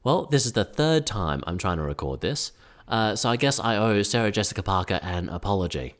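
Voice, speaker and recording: A man's voice: lowish voice, expressive, a little fast, loud music behind the voice. A man giving a comedic, sarcastic recap of a TV episode, full of wry asides. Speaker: recap vlogger.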